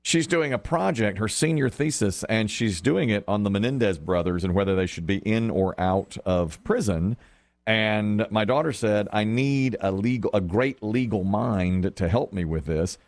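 A man's voice: on the low side, normal speed, no echo. A middle-aged man hosting a morning radio show, chatting casually and joking with frequent laughs.

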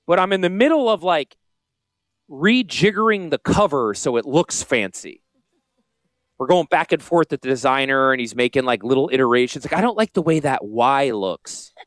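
A man with a Northern US Yankee accent, a financial advisor hosting a casual promotional podcast with salesy, jokey asides and a high-pitched voice. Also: a bit bright, no echo. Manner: self-described high-pitched voice. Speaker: financial advisor and radio host.

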